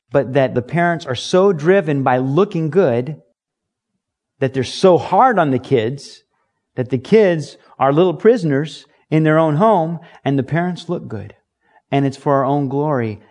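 A man's voice: medium pitch, a little mellow. A man preaching an earnest, emphatic sermon, teaching from scripture with rhetorical questions. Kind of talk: sermon, Bible study teaching.

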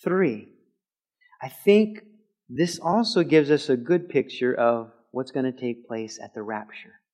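A man's voice: medium pitch, unhurried. Man preaching a conversational sermon. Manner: conversational teaching with sudden shouted quotes. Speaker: pastor. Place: church sanctuary with a mic system.

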